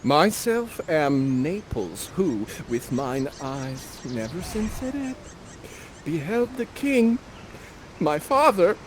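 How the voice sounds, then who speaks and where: A man voicing a lovestruck young nobleman, speaking old verse slowly and solemnly. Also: fairly high pitch, sing-song, a little hiss or hum. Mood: dazzled.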